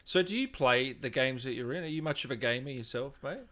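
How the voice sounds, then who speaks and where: A man's voice: medium pitch, fairly quick, fairly bright tone. A man hosting a casual interview, encouraging with short reactions. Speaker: podcast host.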